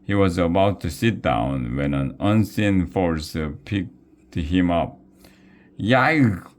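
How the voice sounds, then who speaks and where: Deep-voiced guy slowly reading a children's story aloud, careful, trips on words now and then. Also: expressive, darkish tone. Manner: slow, careful reading with small restarts. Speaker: reader.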